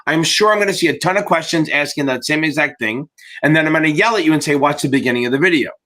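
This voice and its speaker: A man's voice: on the high side, quick pace, bright, forceful tone. A man hosting a live exam-prep Q&A, giving blunt, profane, fired-up coaching in a casual livestream way.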